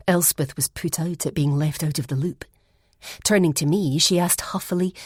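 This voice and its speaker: A woman narrating a first-person mystery audiobook in a measured storytelling manner. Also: deep voice, a little mellow, breathy edge, no echo, clean studio sound.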